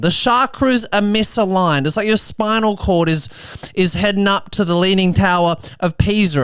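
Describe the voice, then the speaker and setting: A young Australian man in his twenties hosts his own podcast in a comedic monologue. His voice is smooth and resonant. It is recorded dry and close, with little room sound. He talks in a quick, chatty way, full of asides. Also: sits high, a bit bright, no echo. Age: 20s. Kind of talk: comedic monologue turning to social commentary.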